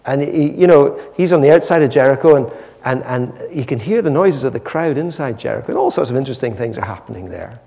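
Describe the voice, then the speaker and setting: A man preaching a sermon, retelling a story with lively, dramatic storytelling. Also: mid-range voice, fast talker, gravelly, long reverb tail. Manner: animated storytelling, acting out the scene.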